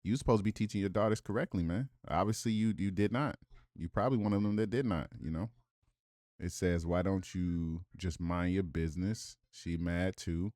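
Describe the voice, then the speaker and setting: A man's voice: fairly low pitch, brisk, a little mellow, dry recording, clean studio sound. A man giving casual reaction commentary, reading viewer comments aloud with blunt, profane asides and rhetorical questions.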